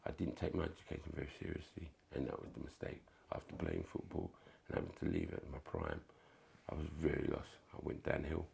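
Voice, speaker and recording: A man's voice: rumbling low, animated, fairly quick, gravelly, darkish tone, husky. A man, a podcast guest telling stories in casual chat, acting out the dialogue, swearing, and dropping to whispers. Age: 60s.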